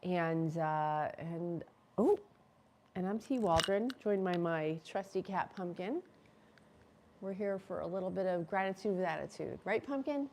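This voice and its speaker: A woman's voice: fairly low pitch, a little mellow, a little hiss or hum. A woman hosting a casual live stream from her chilly home, chatty and rambling, with many fillers and restarts. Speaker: livestream host. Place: cold home room. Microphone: microphone clipped near her cat.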